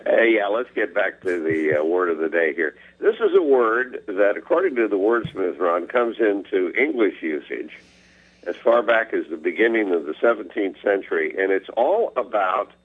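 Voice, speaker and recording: Low gravelly-ish guy on the phone to the radio, teasing, tinny line. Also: lively intonation, normal speed. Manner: wry and teasing. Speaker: word-of-the-day contributor. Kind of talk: casual on-air phone chat.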